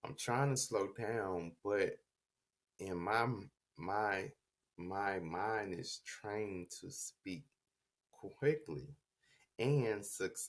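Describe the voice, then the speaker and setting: A man with a very low, gravelly voice tells his own story slowly and unhurriedly. He stutters, repeating and restarting words, in a reflective, confessional podcast tone. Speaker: podcast host telling his life story. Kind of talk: personal storytelling.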